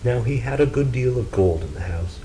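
A man narrating a fairy tale in a steady, measured storybook reading. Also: medium pitch, slight background noise, poor audio.

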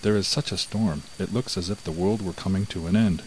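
A man voicing a deceitful, flustered miller's wife who speaks in a hurried, pleading way, with his low voice. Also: fairly even intonation, a little hiss or hum, poor audio.

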